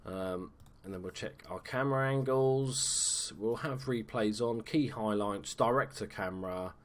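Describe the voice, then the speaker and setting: A man's voice: on the low side, a little slow. A man giving casual, chatty commentary over a video game at home, swearing freely and tossing in dry asides. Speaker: gaming YouTuber.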